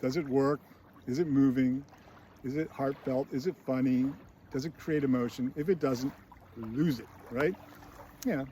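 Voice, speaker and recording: A man's voice: mid-range voice, unhurried, dark tone, slight background noise. A man in a casual film critique, recounting scenes in a chatty way with many fillers and brief put-on voices. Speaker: screenwriting channel host.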